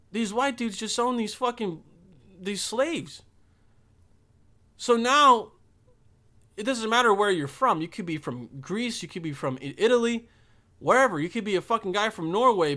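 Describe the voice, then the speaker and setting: A man's voice: high-pitched, bright, forceful tone. A young man hosting a podcast, talking in a loose, rambling and profane monologue. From Bosnia. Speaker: podcast host.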